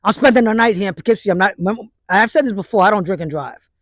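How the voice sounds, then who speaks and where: A man's voice: sits high, animated, quick pace, a bit bright, dry recording, studio quality. A man in his fifties with a New York accent, talking bluntly outdoors in the snow into a phone held by someone else. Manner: blunt, street-slang preachy talk. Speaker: martial arts instructor. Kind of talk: casual outdoor monologue. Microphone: phone held by another person.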